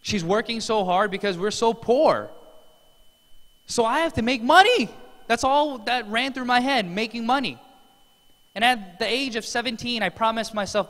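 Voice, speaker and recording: A man's voice: sits high, lively intonation, normal speed, a bit bright. A man giving an earnest, emotional motivational testimonial as a seminar speaker in a large event hall. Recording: long hall reverb.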